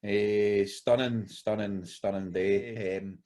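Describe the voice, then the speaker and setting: Slow and warm, with a fairly low pitch and steady tone, this man from Scotland co-hosts a podcast. He meanders through a lengthy story in relaxed conversation, addressing his friend as "mate."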